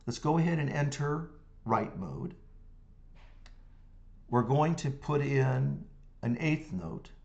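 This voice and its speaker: Man guiding a software tutorial. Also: medium pitch, animated, slow, creaky, long pauses, dull audio. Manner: talks through clicks step by step, hums rhythms as syllables; checks in with the viewer often. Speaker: music notation software teacher. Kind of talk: screen-recorded software tutorial.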